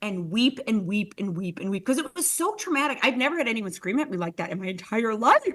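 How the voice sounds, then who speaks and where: A woman's voice: fairly high pitch, big pitch swings, fast talker, fairly bright tone. A middle-aged woman from Chicago, telling a story dramatically on a talk show, acting out the voices. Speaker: guest. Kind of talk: animated anecdote telling.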